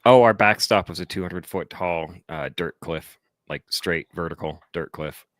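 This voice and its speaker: A man's voice: deep voice, moderate pace, a bit bright, no room sound, clean studio sound. A man co-hosting a podcast, laid-back and wry in casual chat. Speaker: podcast co-host.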